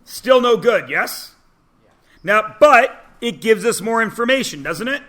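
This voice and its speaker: A man teaching a math class in a classroom, chatty and teasing, often checking in with quick questions. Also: sits high, lively intonation, sharp tone. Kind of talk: classroom lesson.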